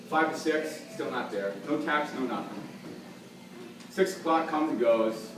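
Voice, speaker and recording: Man delivering a deadpan roast, animated delivery, set back from the mic with clear room noise. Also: a little high, normal speed, heavy reverb, recorded from a distance. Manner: mocking, deadpan storytelling. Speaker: roast speaker. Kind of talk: live roast speech. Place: party room with gathered guests. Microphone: handheld mic.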